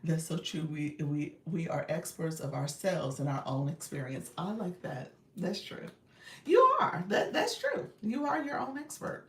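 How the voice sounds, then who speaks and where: Laughing, gravelly-voiced woman coach. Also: low voice, normal speed, hardly any pauses, distant mic. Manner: animated, laughs often, addresses viewers as y'all. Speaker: coach hosting a live stream. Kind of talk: casual live-stream chat reading comments. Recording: echoey room, voice a bit off-mic.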